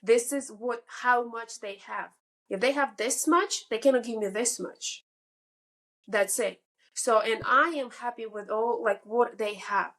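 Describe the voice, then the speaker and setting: Podcast guest, woman, 30s, slightly high voice, candid and emotional, halting phrasing. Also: a bit bright. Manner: emotional, halting, restarts sentences. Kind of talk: candid interview storytelling.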